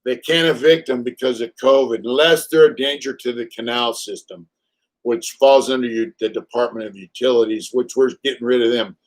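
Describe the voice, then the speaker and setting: A man in his fifties hosting a casual live stream, telling stories bluntly with plenty of swearing. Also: medium pitch. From California. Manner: profane, blunt storytelling; acts out quotes in raised voices. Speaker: channel host.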